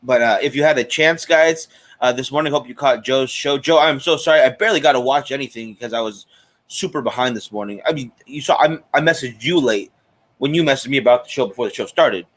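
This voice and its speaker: A man's voice: mid-range voice, fast talker, a bit bright. A man hosting a live cigar stream in a chatty, casual way, greeting viewers by name. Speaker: host of a cigar show.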